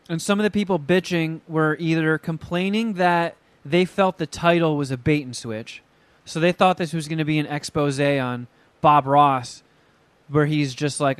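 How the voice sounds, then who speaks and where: A man in casual podcast chat, telling stories in a profane, animated way and acting out quotes. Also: fairly high pitch, clear, resonant tone, no echo.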